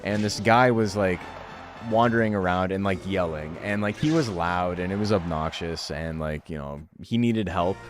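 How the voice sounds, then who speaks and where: A man's voice: deep voice, moderate pace, over music. A young man streaming a game, ranting sarcastically in casual chat, swearing and laughing often.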